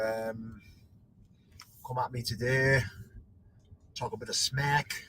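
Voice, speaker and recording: A man's voice: medium pitch, a little hiss or hum, rough recording. A man making a callout video, aggrieved and defensive, calling the other person "mate" again and again.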